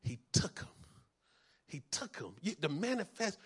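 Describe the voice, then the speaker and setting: Male pastor, sermon delivery, high-pitched, lively and fervent. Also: measured pace, breathy edge. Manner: preaching, building from calm teaching to shouted fervor.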